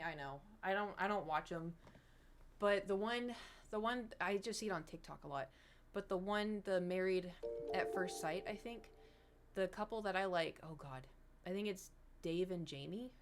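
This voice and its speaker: A young woman chatting casually with viewers on a livestream, rambling and animated, slipping into mocking impressions. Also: mid-range voice, a little hiss or hum. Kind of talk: casual stream chat with viewers.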